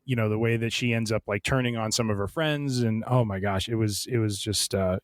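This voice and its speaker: A man's voice: lowish voice, steady tone, brisk, no room sound, clean studio sound. A man hosting a podcast, chatting casually about books in a rambling way, full of restarts and fillers. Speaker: podcast host. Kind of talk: casual book discussion.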